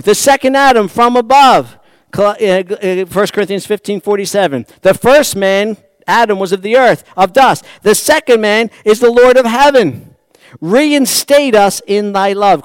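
High-voiced impassioned male preacher. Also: clear, resonant tone, no room sound. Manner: shifts from hushed intimacy to impassioned, rising exhortation; folksy asides to the congregation. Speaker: pastor. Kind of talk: sermon. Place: church sanctuary.

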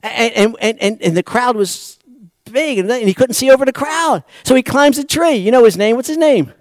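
Guy preaching in church, dry close sound, gets fired up then goes soft, chatty asides. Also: very high voice, animated, moderate pace, no echo. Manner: shifts from hushed intimacy to impassioned, rising exhortation; folksy asides to the congregation. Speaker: pastor. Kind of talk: sermon. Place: church sanctuary.

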